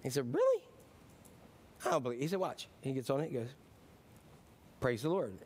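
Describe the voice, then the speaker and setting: A man preaching a sermon as pastor, telling a joke with lively character voices. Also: medium pitch, quick pace, husky. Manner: animated storyteller, voices characters.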